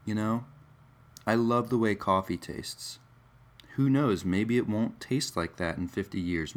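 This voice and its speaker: A man musing in a casual, rambling monologue, wry and digressive, with many fillers. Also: fairly low pitch.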